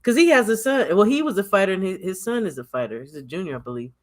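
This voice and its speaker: A man hosting a casual livestream chat, animated and laughing often, tending to repeat himself. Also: high voice, quick pace. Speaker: livestream host.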